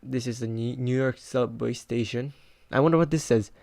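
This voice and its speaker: A man's voice: mid-range voice, moderate pace, gravelly, darkish tone, dry recording. Teenage male reviewer, chatty and rambling, mid-range voice, dry recording. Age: teens. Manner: rambling, filler-heavy with frequent "like". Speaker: comic book reviewer. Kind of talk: casual comic book review.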